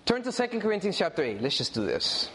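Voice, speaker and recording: Delivering a sermon at a quick pace, this man's high, energetic voice rises and dips through every line as he addresses the congregation and hammers home key points by repetition. The recording has a big hall's lingering echo plus a little hiss or hum.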